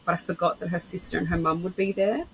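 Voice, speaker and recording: A woman hosting a casual podcast conversation, frank and animated as she tells stories and acts out what people said. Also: lowish voice, quick pace, a little hiss or hum, low-quality recording. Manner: warm, animated storyteller, frank, acts out quotes. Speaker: podcast host.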